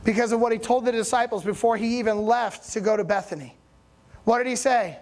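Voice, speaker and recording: A man preaching a conversational sermon as pastor in a church, keeping a chatty, animated tone and often checking that his congregation follows along. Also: very high voice, brisk. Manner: animated, rising emphasis on key points.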